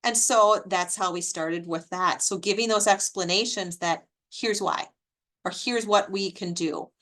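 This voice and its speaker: A woman giving an informal educational talk on caregiving, chatty and animated, with personal stories and rhetorical questions. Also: medium pitch, unhurried. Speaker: extension educator presenting a caregiving webinar.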